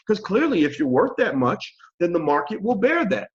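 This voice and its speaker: A man hosting his own channel, giving blunt, animated opinion commentary and swearing freely. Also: high-pitched, moderate pace, hardly any pauses, lo-fi sound. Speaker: channel host.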